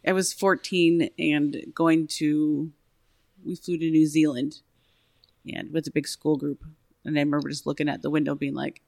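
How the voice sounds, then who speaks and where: A woman co-hosting a casual chat, quick with chatty reactions. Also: deep voice, level tone, creaky, darkish tone, no room sound, clean studio sound.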